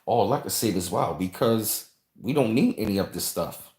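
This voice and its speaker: Livestream host, male, lowish voice, loose rambling chat, roomy echo. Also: expressive, moderate pace, a little mellow. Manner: rambling, conversational, repeats phrases, reads and thanks viewers. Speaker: channel host reading live chat.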